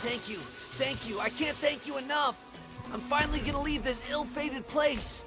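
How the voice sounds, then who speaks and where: A woman plays a freed game prisoner thanking her rescuer, with a high voice full of relief. Loud game music plays beneath her. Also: moderate pace, close to an everyday voice. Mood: relieved.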